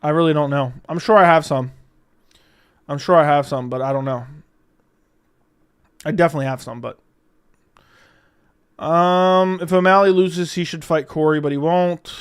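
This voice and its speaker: A man's voice: on the high side, clear, resonant tone. A man hosting a live stream, reading chat and ranting in a heated, profane way. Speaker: livestream host.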